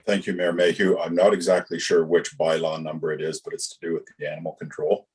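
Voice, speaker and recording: A man with a Canadian accent speaking as a councillor at a council meeting, raising a plain, measured question. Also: sits low, flat delivery, a little hiss or hum.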